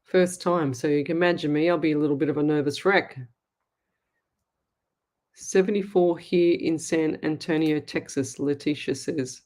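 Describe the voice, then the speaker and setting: A woman's voice: deep voice, fairly even intonation. Chatty Australian woman hosting a live show. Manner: chatty and warm, reads comments aloud, quick asides. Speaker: psychic medium show host. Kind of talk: live-streamed chat reading viewer comments.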